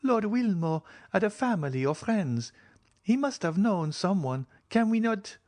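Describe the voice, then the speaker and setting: Emotional young woman, raised breathless pleading, lively and high, as a male reader puts her on. Dry studio read. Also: a little slow, no room sound. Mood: distressed. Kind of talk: audiobook character reading.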